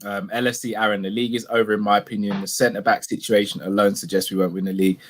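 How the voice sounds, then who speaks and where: A low-voiced man co-hosting a casual fan show, reading viewer comments aloud. He talks in an easygoing way, filling gaps with hesitant ums. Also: little pitch movement, fast. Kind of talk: casual football banter.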